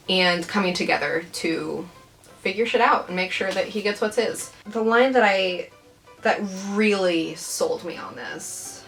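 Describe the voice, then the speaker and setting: A young adult woman hosts a casual reading vlog, her mid-range voice a bit bright. She chats about her new books in a playful, rambling, self-deprecating way.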